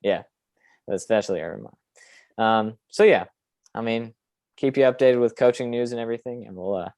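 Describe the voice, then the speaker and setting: A man's voice: mid-range voice, brisk, a little mellow, dry recording. A young man hosting a casual sports podcast, opinionated and rambling with lots of fillers. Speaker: podcast host.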